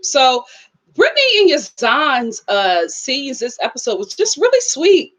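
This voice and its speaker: A young woman with a high voice chats through a reality show review. She is animated and sassy, laughing often and acting out the people she describes. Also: unhurried. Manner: animated, laughing, acts out quotes, sassy asides. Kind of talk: casual live review chat.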